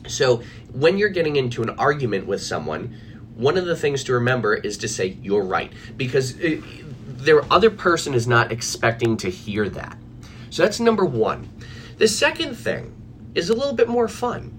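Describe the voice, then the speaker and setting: Speaking at a moderate pace in a mid-range, slightly bright voice, this anxiety coach is very animated as he chats casually with viewers live from his office. He uses fillers and restarts sentences, and there's slight background noise.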